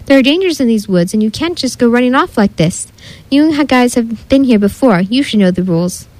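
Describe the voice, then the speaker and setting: A woman's voice: fairly high pitch, expressive, fairly quick, a little mellow, lightly acted, rough recording. A woman reading a storybook, voicing a stern, scolding female camp counselor.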